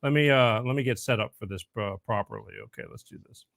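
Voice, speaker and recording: A man's voice: mid-range voice, quick pace, a bit bright. A middle-aged man hosting a podcast, chatting casually and rambling a bit. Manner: rambling, self-interrupting. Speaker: podcast host. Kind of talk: casual chat, telling a joke.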